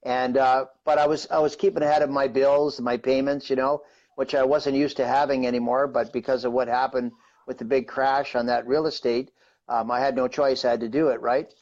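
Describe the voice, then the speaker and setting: A man's voice: mid-range voice, level tone, a little fast, darkish tone, highs cut off. A man in his fifties from Canada, telling a long personal story as a guest, rambling and conversational with lots of "right?" and "you know". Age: 50s. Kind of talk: storytelling in a live-streamed interview.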